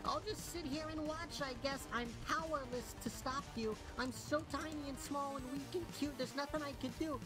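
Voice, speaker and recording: A woman's voice: high voice, normal speed, hardly any pauses, lightly acted, rough recording. Woman voicing a whiny tiny alien. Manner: whiny, rambling, theatrically despairing. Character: tiny cute alien townsperson, melodramatic and self-pitying. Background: game music.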